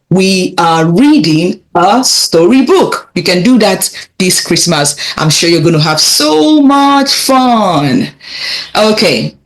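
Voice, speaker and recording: A young woman teaching children vocabulary, repeating words slowly and encouraging them as she goes. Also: lowish voice. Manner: repeats phrases slowly, encouraging, laughs lightly. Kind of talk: slow, clear vocabulary lesson for kids.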